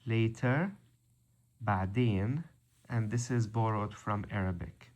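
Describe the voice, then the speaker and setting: A man teaching a vocabulary lesson, slow and methodical, repeating each word. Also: lowish voice, a little mellow. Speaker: language teacher.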